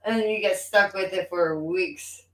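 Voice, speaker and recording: A woman's voice: fairly low pitch, measured pace, a bit bright. A woman joining a casual chat from the side, teasing and egging the host on. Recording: roomy echo, off-mic.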